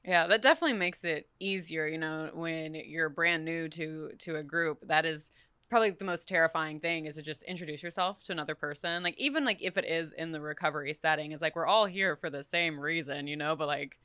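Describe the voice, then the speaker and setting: A woman with a Southern accent hosts a casual talk in a low, bright, smooth voice. She sounds reflective and laughs often, recorded close and dry. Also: brisk, no room sound. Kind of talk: casual conversation.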